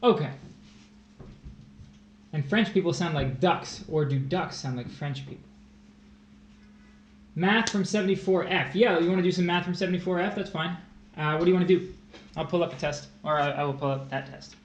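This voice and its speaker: A man's voice: a little high, normal speed, pauses often, lo-fi sound. Joking man tutoring in an echoey room. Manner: joking, rambling explainer. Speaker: test prep tutor. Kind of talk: casual livestream tutoring. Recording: echoey room, faint hiss.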